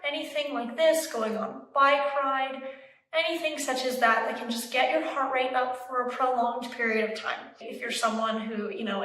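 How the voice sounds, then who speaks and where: A woman's voice: a little high, bright, forceful tone. A young woman who teaches fitness and demonstrates exercises, counting reps aloud and getting out of breath. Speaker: fitness instructor. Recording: echoey room from far off.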